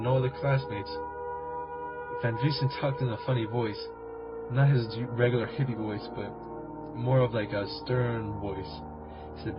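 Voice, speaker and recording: A medium-pitched man hosting a video reads a parody creepypasta for laughs, rambling crudely and mocking himself in asides. The recording is dull and lo-fi, and loud music plays beneath his voice.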